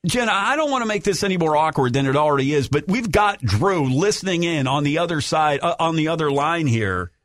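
A man's voice: on the high side, lively intonation, brisk, few pauses, fairly bright tone, dry recording. A man co-hosting a morning radio show from the studio, coaxing and incredulous as he talks with callers. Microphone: studio microphone.

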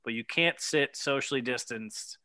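A man's voice: mid-range voice, normal speed, pushed and bright, dry recording. A man chatting on a podcast who makes his points emphatically and keeps checking in with "right?". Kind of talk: casual podcast chat.

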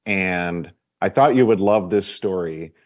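A man co-hosting a sports talk show in casual chat, measured and reflective. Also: low voice, a little mellow, dry recording, clean studio sound. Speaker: co-host.

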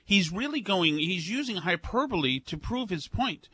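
Sarcastic high-voiced male radio guest. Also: expressive, normal speed, sharp tone, slight background noise. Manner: sarcastic, heated political commentary. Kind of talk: call-in talk radio.

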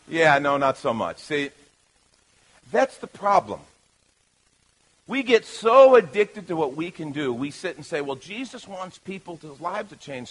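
High-voiced lively male pastor preaching. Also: rough recording. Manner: lively, playful, swings from loud calls to quiet asides. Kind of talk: sermon.

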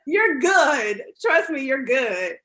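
Woman host, high voice, bright, bubbly, laughing chat. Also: very animated, takes it slowly. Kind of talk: casual interview chat.

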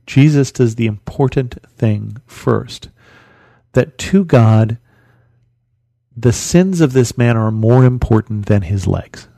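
A man's voice: mid-range voice, lively intonation, slow, gravelly, warm tone, dry recording. A man hosting a podcast, teaching through a Bible story in a conversational, storytelling way with rhetorical questions.

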